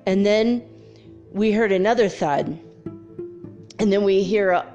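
A woman telling a story in a casual, animated way, laughing often and acting out sounds, then turning it into a life lesson. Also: medium pitch, measured pace, dull audio, soft background music. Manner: loose and frank, with swearing and fillers.

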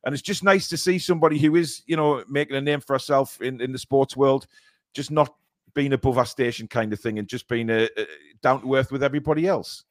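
Hesitant man telling it slowly. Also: mid-range voice, steady tone, no echo, clean studio sound. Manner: hesitant, many ums and repeated words. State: sore and shaken. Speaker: co-host of a football fan show. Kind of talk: casual live-stream chat.

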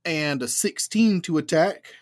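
A man's voice: fairly high pitch, a little slow, no room sound, clean studio sound. A man playing a tabletop game, describing his character's actions with playful banter. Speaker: player. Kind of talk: casual tabletop play.

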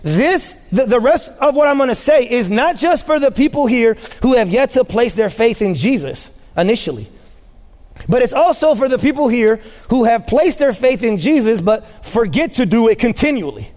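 A man preaching a sermon as pastor to his church, impassioned and rising to shouts, repeating phrases for emphasis. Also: very high-pitched, expressive, normal speed. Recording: long hall reverb.

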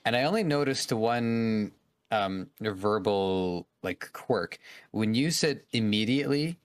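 Male co-host, somewhat low-pitched, dry and self-mocking, casual chat. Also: animated, slow, clear, resonant tone. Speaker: podcast co-host. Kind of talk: casual podcast chat, reading from an article.

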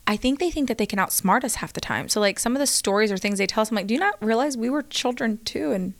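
A woman in her thirties, co-hosting a casual chat and telling animated stories about her kids. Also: on the high side, quick pace. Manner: chatty storyteller, animated quoted voices. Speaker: co-host.

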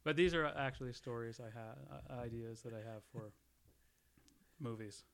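A man's voice: medium pitch, moderate pace, creaky. A man in casual podcast chat, rambling through jokey theories with frequent laughs and restarts.

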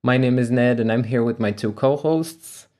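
A man's voice: medium pitch, moderate pace, dark tone. A man hosting a podcast with a playful, teasing manner in casual chat. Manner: playful, teasing show intro. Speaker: podcast host.

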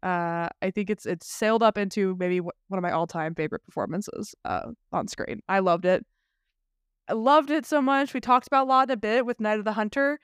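A man's voice: sits high, brisk, a bit bright, smooth, dry recording, clean studio sound. A man co-hosting a film podcast, chatting casually and animatedly with lots of restarts and the odd swear. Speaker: podcast co-host.

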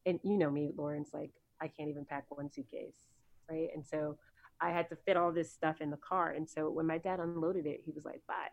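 A woman's voice: low-pitched, fairly even intonation, fairly quick, gravelly, darkish tone, dry recording, highs cut off. A woman guest on a podcast, telling stories from her career in a chatty, rambling way with many ums and likes. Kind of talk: casual interview storytelling.

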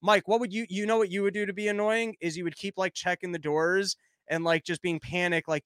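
High, smooth-voiced man riffing on news. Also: fast talker, a bit bright, no echo. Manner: profane, rambling, joking. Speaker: podcast host. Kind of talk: casual news commentary.

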